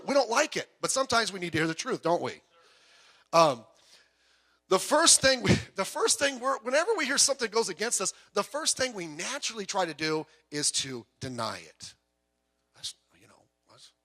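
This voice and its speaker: A man's voice: sits high, expressive, brisk, a bit bright. A man preaching a sermon in a church, talking conversationally with frequent asides and personal stories. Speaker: pastor. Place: church sanctuary. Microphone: PA microphone heard through speakers.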